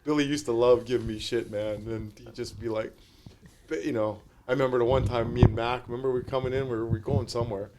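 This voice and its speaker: A man guesting on a podcast, telling rowdy, profane stories in a casual, animated way. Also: medium pitch, fast, background noise. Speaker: podcast guest, former hockey enforcer. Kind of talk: casual storytelling chat.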